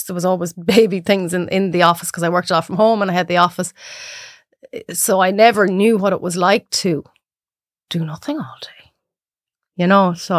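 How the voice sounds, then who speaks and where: A woman's voice: on the low side, dry recording, studio quality. An Irish woman in her thirties, a podcast guest, telling stories and acting out the voices of people she quotes. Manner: animated storyteller acting out quotes. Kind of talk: casual chat.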